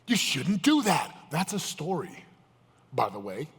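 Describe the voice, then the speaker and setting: A man's voice: fairly high pitch, very animated, moderate pace, slightly rough. Emphatic male seminar speaker, echoey hall. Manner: emphatic, questions the crowd directly. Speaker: motivational speaker. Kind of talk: live seminar talk to an audience. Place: large event hall with live audience. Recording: echoey hall, live event.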